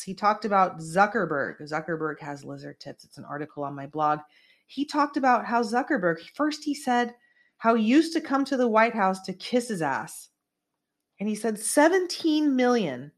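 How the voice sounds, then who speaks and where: A middle-aged woman from California hosting an online show, giving a rambling, emphatic commentary monologue full of asides. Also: mid-range voice. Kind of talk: casual political commentary monologue.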